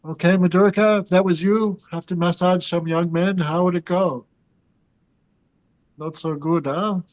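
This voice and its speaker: A man leads a scripture class, his voice sitting a little high for a man. He chants verses in Sanskrit and Bengali, then explains them in plain talk and turns to address his students directly. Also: fairly even intonation, moderate pace, a little mellow, low-quality recording. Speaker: spiritual teacher.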